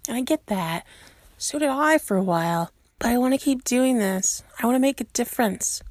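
A woman's voice: a little high, lively intonation, normal speed, dry recording, clean studio sound, voice pushed up. A woman voicing a brash, eager young woman hero who talks in an earnest, keyed-up rush.

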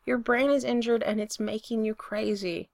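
A woman reading aloud, voicing a shy, flustered young man with a squeaky voice in a storybook romance. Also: steady tone, normal speed, gravelly, a little mellow, dry recording. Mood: anxious.

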